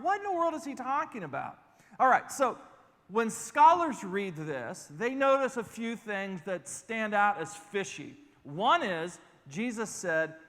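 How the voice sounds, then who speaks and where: High-voiced male pastor in a reverberant hall. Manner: animated, talks straight to listeners with asides. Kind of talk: conversational sermon.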